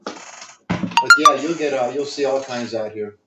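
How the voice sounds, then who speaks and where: A man's voice: mid-range voice, a little slow, very noisy. A man telling stories in a casual, rambling way with many fillers and restarts and a dry sense of humor, heard over a video call. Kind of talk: casual storytelling. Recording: echoey, dull lo-fi sound.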